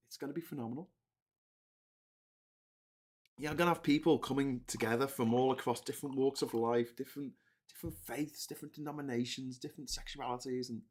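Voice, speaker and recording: A man's voice: mid-range voice, fairly bright tone. Male streamer, rambling casual banter with swearing and laughs while building. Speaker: live-stream host.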